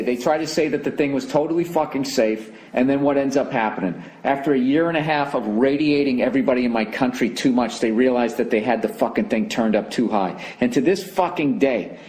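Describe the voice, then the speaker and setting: A man's voice: medium pitch, darkish tone. A man from the United States telling a profane, sarcastic story in a heated rant on his podcast. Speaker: comedian podcaster. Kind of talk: ranting podcast monologue.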